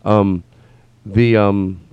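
A man's voice: lowish voice, level tone, drawn-out words, a little mellow, smooth, no room sound, muffled recording. A man hosting a comedy podcast alone in a barn studio, rambling and riffing in scattered bursts. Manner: scattered, riffing, restarts and bursts of silly bits. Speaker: podcast host.

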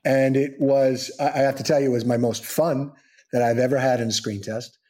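A middle-aged man, a soap actor being interviewed, telling anecdotes casually and acting out the people in them with lively, raised voices. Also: brisk. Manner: animated storyteller, acts out quoted voices in high pitch. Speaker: soap opera actor guest.

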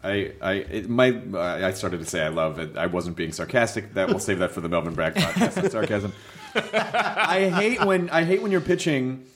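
A man's voice: lowish voice, lively intonation, normal speed. A man in casual comedy chat, rambling and joking, cutting himself off mid-sentence. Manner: rambling, self-interrupting, jokey.

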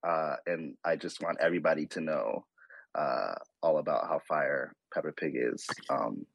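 A young man, a guest on an online talk show, telling a story in an excitable, animated way. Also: a bass voice, moderate pace, vocal fry, husky, no room sound, low-quality recording. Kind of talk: casual chat.

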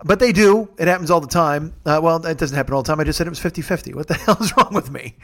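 A man with a slightly high voice rambles through a comedic podcast monologue. He talks casually and sarcastically, swears freely, and often stops to correct himself. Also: fast talker. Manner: profane, rambling, sarcastic storytelling. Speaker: podcast host. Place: rented home, recording on travel.

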